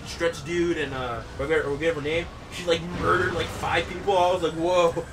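A young man hosting a gaming video, chatting casually in an excitable, rambling way with plenty of swearing. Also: on the high side, a little fast. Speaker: gaming channel host. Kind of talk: casual chat over gameplay. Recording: distant mic with clear background noise.

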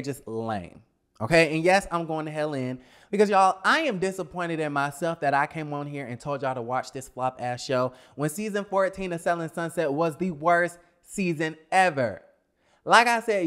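A young man talks through a reality TV review in a sassy, blunt way, drifting into scatterbrained asides. His voice sits a bit high and comes through smooth and clear, even though he is getting over a cold. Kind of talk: casual review vlog.

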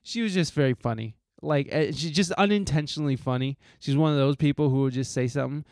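A man's voice: on the high side, fast, darkish tone, no echo, studio quality. A man hosting a podcast, giving a heartfelt, profane, rambling monologue full of restarts. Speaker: podcast host.

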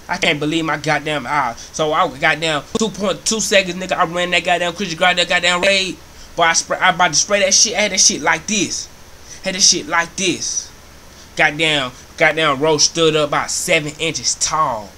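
Loud profane young man ranting. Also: on the high side, slight background noise. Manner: animated, repetitive, heavy profanity. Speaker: comedy vlogger. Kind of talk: profane comic storytelling rant.

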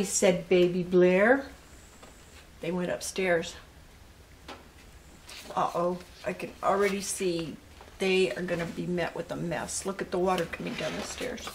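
Her voice on the low side and a little slow, an older woman reads picture books to her grandkids. She tells each story animatedly and adds asides to the children, while faint hiss or hum runs underneath.

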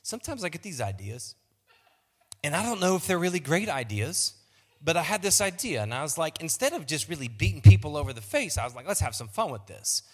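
A man's voice: a little high, big pitch swings, a little fast, a little mellow. Playful male pastor in a reverberant hall. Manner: playful, self-mocking, repeats words. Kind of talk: sermon. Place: large church auditorium. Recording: long reverb of a church hall.

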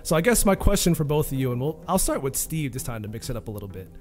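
A man's voice: medium pitch, sing-song, fast talker, darkish tone. A man hosting a casual interview, asking eager, hedging questions. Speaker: podcast host.

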